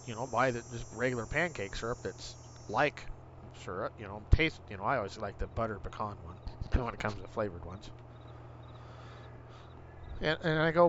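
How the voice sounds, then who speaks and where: A man's voice: mid-range voice, a bit bright. A middle-aged man, ranting casually and profanely while hosting a gaming livestream. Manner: profane, ranting, rising to angry outbursts. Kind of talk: casual rant while streaming. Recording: dull lo-fi stream audio with faint vehicle hum.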